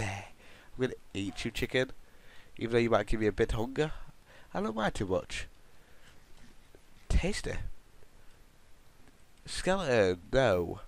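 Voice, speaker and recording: Lively, joking man. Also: medium pitch, measured pace, pauses often. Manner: rambling, jokey, chatting to viewers. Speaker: gaming video host. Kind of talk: gameplay commentary.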